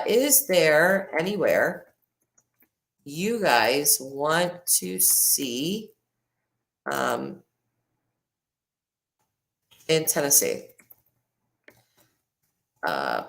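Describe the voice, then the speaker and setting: Low-voiced woman chatting live. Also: big pitch swings, extremely slow, pauses often. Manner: rambling and self-interrupting, laughs often; reads viewer comments aloud. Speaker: livestream host. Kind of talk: casual live chat with viewers.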